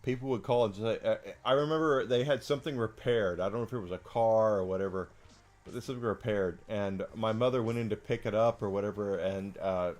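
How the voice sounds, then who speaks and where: A man's voice: on the low side, brisk, darkish tone, faint music behind. Rambling, outspoken man streaming a game. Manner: rambling and outspoken, with many fillers. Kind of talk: casual chat while gaming.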